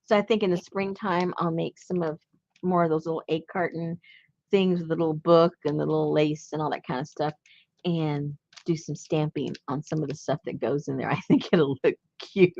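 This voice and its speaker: A woman's voice: low-pitched, fairly even intonation, normal speed, gravelly, darkish tone, no room sound, highs cut off. A middle-aged woman hosting a casual craft chat, talking freely with many ums, restarts and frequent laughs. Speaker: craft channel host.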